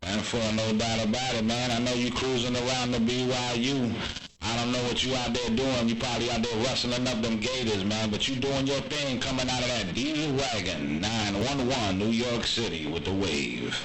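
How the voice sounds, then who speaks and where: A man hosting a CB radio video channel, giving slow, repetitive, laid-back call-outs in trucker slang. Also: mid-range voice, fairly even intonation. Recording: echoey room with loud music behind.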